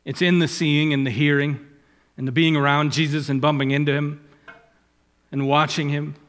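A man preaching at an unhurried pace, his voice sitting a little high for a man. He rises and swells on quoted verses and sinks low on asides. A long reverb trails every phrase, like a sanctuary. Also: fairly bright tone. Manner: rises in pitch and volume when quoting Scripture, drops low on asides. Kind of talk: sermon.

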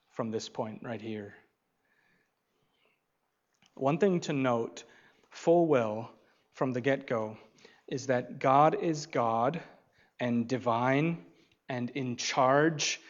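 A man preaching an expository sermon, slow and emphatic, swinging from loud declarations to quiet asides. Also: mid-range voice, highs cut off.

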